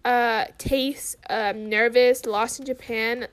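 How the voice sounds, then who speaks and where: A woman's voice: fairly high pitch, steady tone, takes it slowly. A young woman co-hosting a casual chat, rambling and emphatic, swearing freely. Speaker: co-host.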